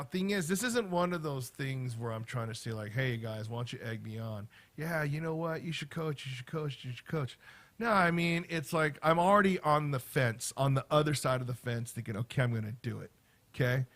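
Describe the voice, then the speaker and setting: A middle-aged man, a teacher, chatting casually on a livestream in a rambling way, with lots of fillers and animated storytelling. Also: medium pitch. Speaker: teacher and vlogger.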